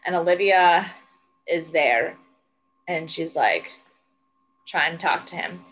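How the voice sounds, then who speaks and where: A woman's voice: lowish voice, expressive, slow pace, a bit bright, slight background noise, rough recording. Chatty woman recapping a show. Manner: chatty, recounts scenes with quoted voices, swears casually. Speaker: podcast co-host. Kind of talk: casual recap chat.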